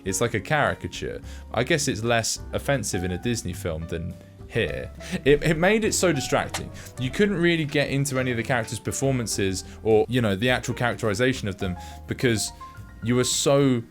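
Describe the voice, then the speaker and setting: A man co-hosting a podcast, chatting casually about films in a rambling, halting way with many restarts. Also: medium pitch, lively intonation, soft background music. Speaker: podcast co-host. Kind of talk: casual film review chat.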